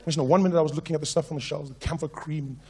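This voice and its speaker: Man, young adult, stand-up comedy, high voice. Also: very fast, slight background noise. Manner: animated storytelling, switches into voices.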